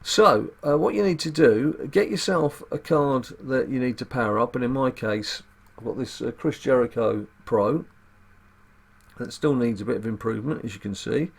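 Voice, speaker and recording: Gravelly man chatting over gameplay. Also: medium pitch, normal speed. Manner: chatty and wry, muttering asides to himself. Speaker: gaming channel host. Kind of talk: casual gameplay commentary.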